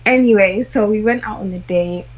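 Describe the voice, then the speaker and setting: A woman's voice: mid-range voice, normal speed, a little hiss or hum, rough recording. A young woman telling a personal dating story in casual chat, hesitant and full of fillers. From South London. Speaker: guest.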